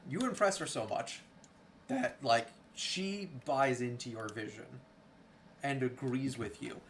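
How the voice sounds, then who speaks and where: A man acting as game master of a tabletop game, reading out rules in a relaxed way with many fillers. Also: medium pitch, a little slow, slight background noise.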